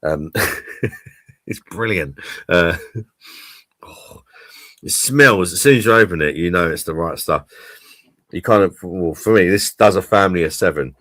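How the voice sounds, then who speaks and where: A man with a very low voice hosts a laid-back online pub chat, rambling about food and swearing freely. The sound is dry and close, with no room echo. His talk is loose and enthusiastic. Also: unhurried, pauses often, a bit bright. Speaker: livestream pub chat host. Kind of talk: casual chat. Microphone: streaming call mic.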